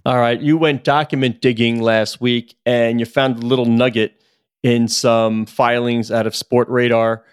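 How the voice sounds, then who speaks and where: A man's voice: medium pitch, little pitch movement, measured pace, clean tone, no room sound, studio quality. A man co-hosting a podcast in a casual chat, self-deprecating and joking. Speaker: podcast co-host, business journalist.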